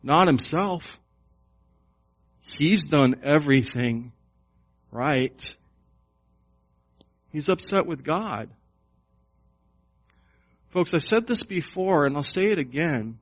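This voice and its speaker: A man preaching a sermon to his congregation, slow and emphatic, with repeated questions. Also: on the high side, lively intonation. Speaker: pastor. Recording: dull lo-fi sound.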